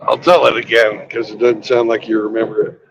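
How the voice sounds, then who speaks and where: A man's voice: lowish voice, level tone, brisk, creaky, a little hiss or hum, poor audio. A man on a road trip telling a crude joke in a loose, rambling, casual way. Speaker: vlogger. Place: travelling by road.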